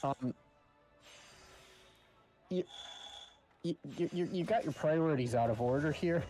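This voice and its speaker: A man streaming, chatting casually and telling animated stories with frequent laughs. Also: fairly high pitch, takes it slowly, soft background music. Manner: animated storyteller, laughs often. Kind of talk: casual chat.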